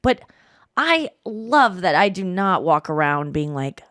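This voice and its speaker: A woman's voice: on the low side, big pitch swings, takes it slowly, fairly bright tone. A woman in her thirties hosting a podcast, telling stories in a chatty, self-deprecating way. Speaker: podcast host. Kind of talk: casual chat.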